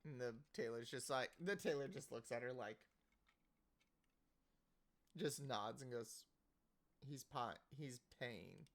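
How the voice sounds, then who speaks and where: Relaxed woman game master, low-pitched, slow and unhurried. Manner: relaxed, laughing asides while narrating. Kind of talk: narrating a role-play game.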